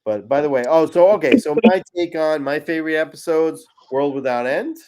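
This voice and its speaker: A man hosting a casual podcast chat, animated and crude, often cutting himself off. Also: a little high, fairly quick. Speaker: podcast host.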